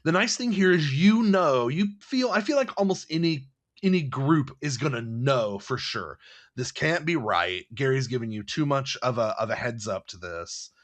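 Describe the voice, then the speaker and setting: A man's voice: medium pitch, normal speed. A man co-hosting a casual podcast about a tabletop game module, rambling and laughing often. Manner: rambling, animated, laughing a lot. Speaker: podcast co-host. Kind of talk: casual chat about a role-playing module.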